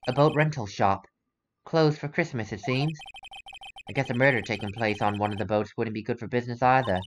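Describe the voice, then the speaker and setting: A man's voice: mid-range voice, fairly quick, a little hiss or hum, pitched below the performer's own voice, natural voice. A man reading out the lines of a young male defense attorney from a game in a plain, matter-of-fact way.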